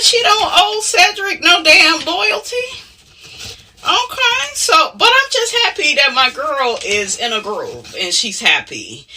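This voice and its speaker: A woman's voice: sits high, very animated, slow, bright, forceful tone, recorded from a distance, slight background noise. A woman talking casually as she recaps reality TV. She is sassy and outspoken and keeps dropping "honey" and "okay?" as asides. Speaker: reality TV commentator.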